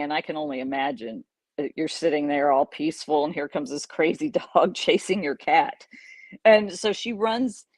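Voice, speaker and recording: A middle-aged woman hosting a podcast tells a personal story casually and with animation, chuckling and restarting her sentences. Her voice sits low, and there's no room sound.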